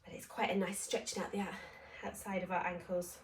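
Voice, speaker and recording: With a fairly low pitch and level tone, a woman leads an at-home exercise session fairly quickly, encouraging and counting reps while she gets winded. She's a fitness instructor recorded from afar in an echoing room, with slight noise behind her.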